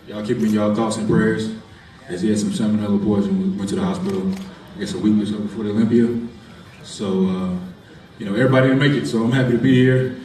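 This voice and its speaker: A male bodybuilding competitor answering press questions in a humble, relaxed way. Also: fairly low pitch, a little hiss or hum. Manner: humble, relaxed, hesitant with fillers. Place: press conference hall. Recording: echoey room, distant mic.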